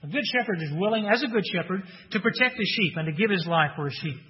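A man's voice: high voice, lively intonation, quick pace. Man preaching in a reverberant hall. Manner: earnest preaching, rising loud for emphasis, dropping soft for weight. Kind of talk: sermon. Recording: dull sound with long hall reverb.

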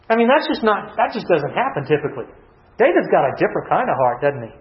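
A man's voice: on the high side, big pitch swings, fast talker. A man preaching a conversational Bible sermon, earnestly repeating key phrases and asking the congregation questions before answering them. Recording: echoey dull-sounding room recording.

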